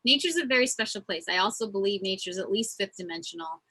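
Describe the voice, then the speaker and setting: A woman hosting a casual spiritual conversation, telling stories in an earnest, animated way. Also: mid-range voice, fast talker, breathy edge, rough recording. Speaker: host.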